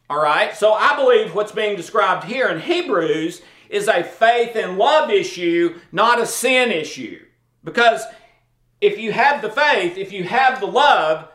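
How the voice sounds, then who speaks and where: High-voiced man teaching scripture slowly. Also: fairly bright tone, echoey room. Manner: conversational, checks in with "okay?" and "all right?". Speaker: Bible teacher. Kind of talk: informal Bible teaching.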